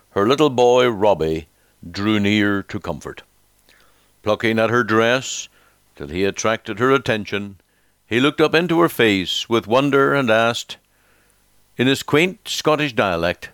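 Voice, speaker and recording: Man preaching with animated rising pitch. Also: dry recording. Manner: dramatic, rising questions, slowing for emphasis. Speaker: pastor. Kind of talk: radio sermon.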